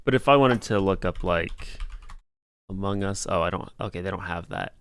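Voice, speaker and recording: A man's voice: low-pitched, moderate pace, fairly bright tone, clean tone. A young man hosting a casual livestream podcast, rambling and laughing often. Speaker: podcast host.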